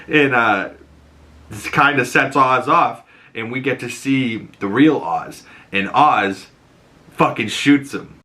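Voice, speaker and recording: A male podcast host giving a rambling, profane, excitable recap of a TV episode. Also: mid-range voice, slow pace. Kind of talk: casual episode recap and reaction.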